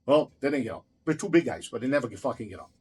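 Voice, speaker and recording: A man's voice: mid-range voice, animated, very fast, darkish tone, breathy edge. A man who owns a restaurant tells a heated, profane story in an interview, blunt and swearing constantly as he acts out each exchange. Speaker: restaurant owner.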